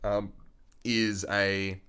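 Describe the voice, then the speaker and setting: Rich: A man with a lowish, smooth and resonant voice co-hosts a casual film podcast. He talks loosely, swears freely and often restarts his sentences. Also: flat delivery, very slow, sharp tone. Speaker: podcast co-host. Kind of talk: casual film discussion chat.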